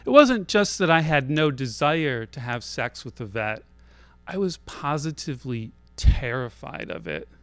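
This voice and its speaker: A man telling a personal story live on a theater stage, in a wry, self-deprecating and deliberate way. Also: medium pitch, expressive, fairly bright tone, clear, resonant tone, dry recording.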